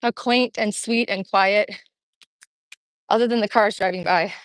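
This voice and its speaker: A middle-aged woman holds her phone while walking a town street outdoors, streaming live and chatting casually. She speaks at a measured pace in a medium-pitched voice with fairly even intonation, upbeat but out of breath. There is no echo, and the audio is poor.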